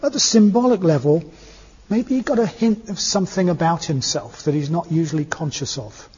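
A man's voice: fairly high pitch, animated, moderate pace, darkish tone, breathy edge. A man giving a conversational Buddhist teaching talk to a group, often checking in with questions like "isn't it?". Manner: conversational, seeking agreement with tag questions. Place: meeting hall with a live audience. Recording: dull lo-fi recording in an echoey hall.

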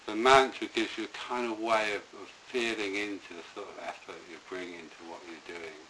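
A man's voice: fairly low pitch, fairly even intonation, brisk, bright, forceful tone, a little hiss or hum, rough recording. A man teaching a meditation class to a group in a room, talking in a rambling, hesitant way with many restarts. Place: indoor room with a live group.

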